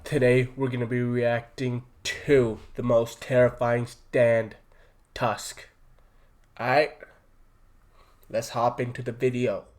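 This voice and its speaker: A man's voice: medium pitch, flat delivery, slow, pauses often. A man with a nasal, stuffy voice from being a bit sick, hosting a laid-back reaction video with slangy, swearing asides. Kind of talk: casual reaction commentary.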